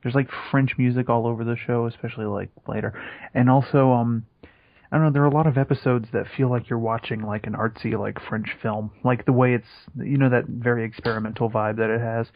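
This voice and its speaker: Deadpan man on a dry lo-fi mic. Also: medium pitch, fairly quick, no room sound. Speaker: podcast co-host. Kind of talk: casual comedic chat. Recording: dry, dull lo-fi sound.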